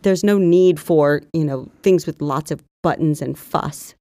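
A woman co-hosts a casual podcast, chatting and reading old diary passages aloud in an even tone. Her voice is low and mellow. The recording is dry and close. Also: measured pace, dry recording. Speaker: podcast co-host.

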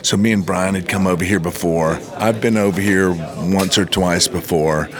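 A man's voice: low-pitched, fairly even intonation, normal speed, a crowd in the background. An older man, a wrestler, answering interview questions in a laid-back, rambling way with easy laughs. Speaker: wrestler guest. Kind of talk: casual interview.

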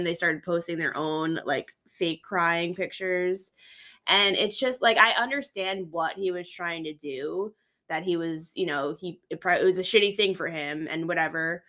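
Young woman chatting loosely, low-pitched. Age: young adult. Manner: rambling, animated storytelling with laughs. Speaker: podcast co-host. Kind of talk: casual chat.

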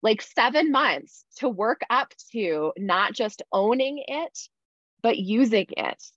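A woman's voice: a little high, lively intonation, slow pace, fairly bright tone, no room sound. A woman talking candidly in casual podcast chat, with lots of "like" fillers. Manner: candid, chatty, many "like" fillers. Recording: slightly dull dry sound.

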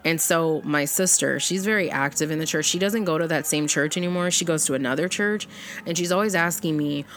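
A woman's voice: sits low, fairly quick, fairly bright tone, a little hiss or hum. A woman in her thirties telling a personal story in a blunt, profane way, acting out the back-and-forth of what people said.

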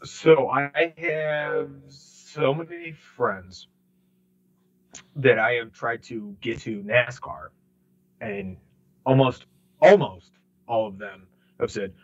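Man, podcast co-host, casual sports chat, animated, mid-pitched, slightly muffled sound. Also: vocal fry, faint music behind. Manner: animated, mimics people in quick bursts.

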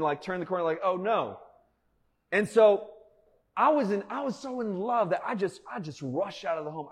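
A man's voice: high-pitched, husky. A man preaching a sermon in a conversational way, telling a personal story with frequent "like" fillers and laughter. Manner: conversational, animated, laughs often, many "like" fillers. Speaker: pastor.

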